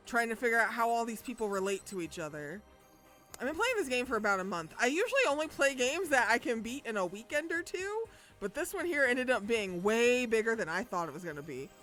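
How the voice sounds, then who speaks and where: A woman's voice: fairly high pitch, a bit bright. Bubbly, swearing woman game streamer. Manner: bubbly and chatty, swears freely, laughs often. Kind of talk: casual live-stream chat.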